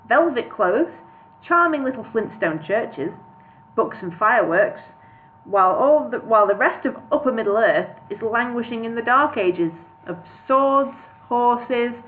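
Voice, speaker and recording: Woman casually reading a story aloud. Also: on the high side. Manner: reads with slips, laughs and casual asides. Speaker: audiobook reader. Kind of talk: informal book reading. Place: her flat. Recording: tinny phone-like sound with faint hiss.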